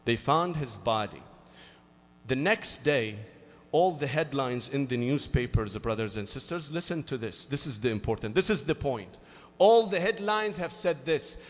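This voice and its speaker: A man's voice: mid-range voice, a little slow, in a large hall. A man who speaks English as a second language, preaching a sermon as he tells a story with lots of "you know" fillers. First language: Arabic. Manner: animated, acts out both sides of a dialogue, frequent "you know" fillers.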